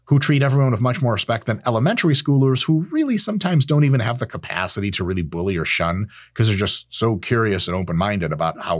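A man in his thirties hosting a casual monologue, animated and swearing freely, acting out imagined exchanges. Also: on the low side, brisk. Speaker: host.

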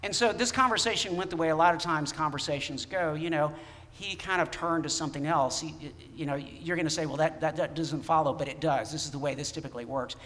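A man's voice: a little high, fast, a bit bright. A man, a pastor preaching a sermon in conversational storytelling style, recounting dialogue with restarts. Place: church sanctuary. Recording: church hall reverb.

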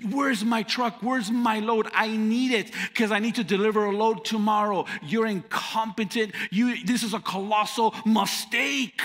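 A pastor voicing a rude, furious male customer who shouts and berates him. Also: sits high, fairly even intonation, unhurried, few pauses, in a large hall, voice pushed up.

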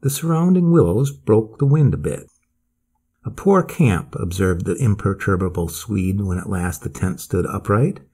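A man narrating a classic story as an audiobook, measured and expressive, with a husky voice. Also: low-pitched.

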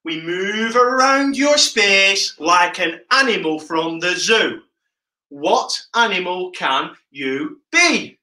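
A man leading a live online PE lesson for children, energetic and playful, calling out instructions. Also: high voice, slow. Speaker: PE coach. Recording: roomy echo.

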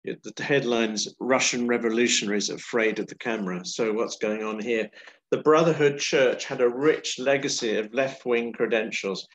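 A man delivers a history lecture, talking through his slides with wry, unhurried asides. His pitch sits in the ordinary middle range for a man. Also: fairly bright tone, rough recording.

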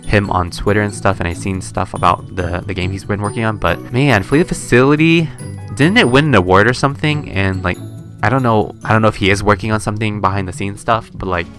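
A young man giving casual, excitable commentary while playing a game, often gasping and squealing when startled. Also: lowish voice, fairly quick. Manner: chatty, excitable, gasps and squeals when scared. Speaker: gaming YouTuber. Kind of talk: casual let's-play commentary. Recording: faint game music behind.

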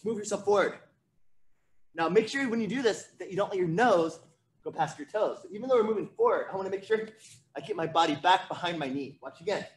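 A man's voice: high-pitched, fast. A man teaching a virtual martial arts class to kids, coaching energetically and counting out drills. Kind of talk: virtual kids' class instruction.

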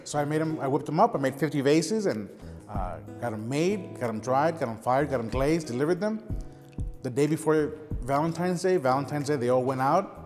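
A man's voice: on the high side, animated, moderate pace, darkish tone, big-room sound, soft background music. A middle-aged man who teaches ceramics tells earnest stories in a documentary interview. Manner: earnest, storytelling with gestures.

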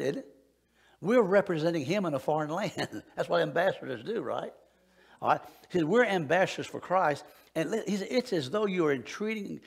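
Man, pastor preaching in church, gravelly, folksy banter with congregation. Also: on the high side. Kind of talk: sermon. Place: church sanctuary.

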